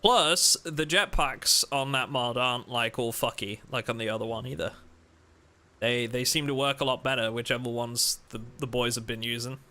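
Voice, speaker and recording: A man's voice: mid-range voice, moderate pace, pushed and bright. A man hosting a game live stream, chatting casually and rambling, joking with his viewers and cutting himself off mid-sentence. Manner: rambling, self-interrupting, joking with chat.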